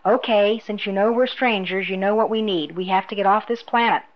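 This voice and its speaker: A woman's voice: medium pitch, fairly quick, natural voice. Earnest young man, read by a woman; firm, direct delivery; dull recording.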